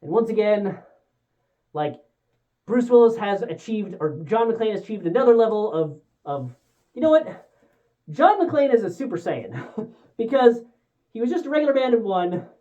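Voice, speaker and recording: Lively, exasperated woman ranting. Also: medium pitch, normal speed, long pauses, muffled recording. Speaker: movie reviewer. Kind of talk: casual spoken review.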